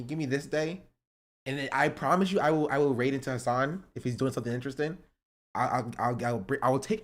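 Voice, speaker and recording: A young man streaming live, chatting casually with his viewers, pleading and joking. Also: mid-range voice. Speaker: livestreamer.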